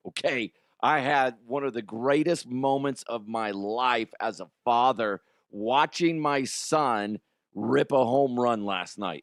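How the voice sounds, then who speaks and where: A middle-aged man and show host telling a story in an animated way, jumping from loud outbursts to quiet asides. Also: medium pitch, slow, no echo, clean studio sound. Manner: excitable, swings from loud shouts to quiet asides.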